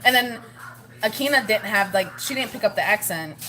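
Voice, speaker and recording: A woman's voice: medium pitch, animated, moderate pace, bright, forceful tone. A woman vlogging in a rambling, chatty way, laughing often as she talks to her viewers. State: pregnant, with morning sickness. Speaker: family vlogger. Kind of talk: casual chat to camera.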